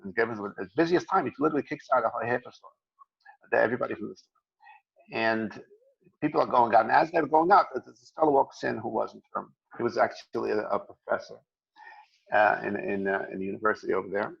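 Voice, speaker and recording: Gravelly man giving a Torah lesson. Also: mid-range voice, fast. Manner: conversational, retells a story with lots of restarts. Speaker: Torah teacher. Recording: dull lo-fi recording.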